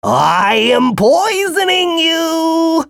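A man voicing an ancient giant worm in a storybook reading, with a shrill, howling, pleading delivery. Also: wildly swooping pitch, very slow, gravelly, a bit bright, no echo, studio quality, exaggerated voice. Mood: boastful.

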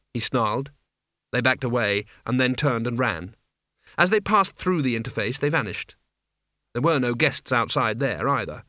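An audiobook narrator with a mid-range voice reads a fantasy novel in a measured, expressive way. The scripted narration is recorded dry, with clean studio sound.

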